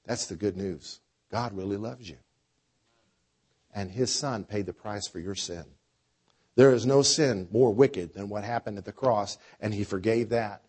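A man preaching a sermon with a conversational style, dropping to quiet lines and rising to loud, drawn-out phrases. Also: fairly low pitch, breathy edge. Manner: preacher with a dynamic delivery, swinging between soft and loud. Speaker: pastor.

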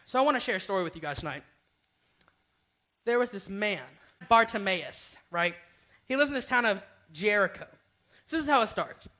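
Bright-voiced young man giving casual sermon. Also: high-pitched, poor audio. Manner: informal, keeps asking "right?". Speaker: youth speaker. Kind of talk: casual youth sermon with object lesson.

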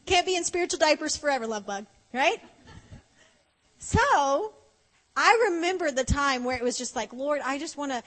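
In a conference hall with long reverb, a woman delivers a playful, conversational sermon, acting out little dialogues and laughing along. Her high voice is sing-song and fairly bright, at a moderate pace with frequent pauses.

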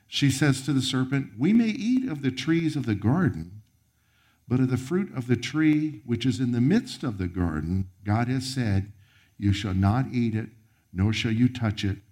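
A man preaching a sermon, reading scripture aloud and commenting on it, his voice rising high and then dropping to a near whisper. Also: animated, a little slow. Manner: preaching with sharp swings of pitch and volume, dropping to a near whisper. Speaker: pastor.

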